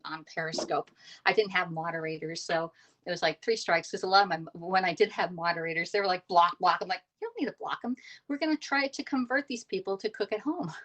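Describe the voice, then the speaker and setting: A woman's voice: medium pitch, a bit bright. A woman hosting a casual live cooking stream from her home kitchen, chatty, laughing often and greeting viewers by name. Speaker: livestream cooking host.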